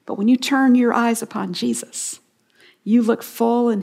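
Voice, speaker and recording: A woman with a voice pitched a little high, teaching the Bible on a radio broadcast. She speaks earnestly and with emphasis, repeating her key phrases. At moments she falls to a soft hush to stress a point. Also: steady tone, a little slow, vocal fry.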